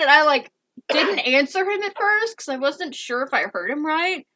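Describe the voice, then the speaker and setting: A woman's voice: sits high, animated, normal speed, pushed and bright. Giggly young woman telling a story. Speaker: podcast co-host. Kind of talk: casual chat, storytelling.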